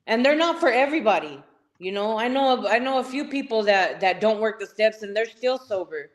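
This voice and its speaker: A woman's voice: on the high side, lively intonation, brisk. A woman guest telling her personal story in an interview, earnest and emotional.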